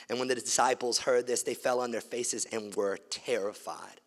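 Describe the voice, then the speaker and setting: A man preaching a sermon, swinging between loud emphasis and hushed, quiet passages. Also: mid-range voice, normal speed, creaky, few pauses, long reverb tail. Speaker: pastor.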